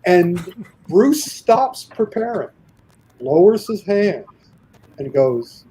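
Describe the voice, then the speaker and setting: Male podcast guest, animated storyteller who acts out quotes; mellow, husky timbre. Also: high-pitched, very slow, long pauses, poor audio. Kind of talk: casual podcast anecdote.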